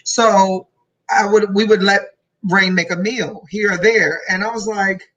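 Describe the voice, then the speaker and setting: A woman hosts a motivational talk show, her voice bright and forceful. She talks in an animated, playful way, teasing and encouraging as she goes. The mic sits a little away from her. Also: medium pitch, unhurried, far from the mic, lo-fi sound. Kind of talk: casual motivational chat.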